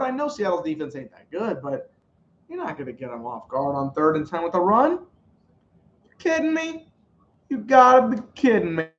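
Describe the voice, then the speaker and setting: A man talks through a football game on his live stream, his pitch sitting a little high and swinging widely as he gets excited. He rambles casually between plays. The sound is roomy and slightly muffled, with a faint hum of room ambience behind him. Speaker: sports live-stream host.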